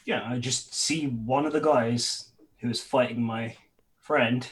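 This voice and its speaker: A man's voice: medium pitch, fairly even intonation, slow pace, husky. A man playing a tabletop game, stating his character's actions plainly and matter-of-factly. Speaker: player. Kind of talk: casual tabletop play. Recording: distant mic.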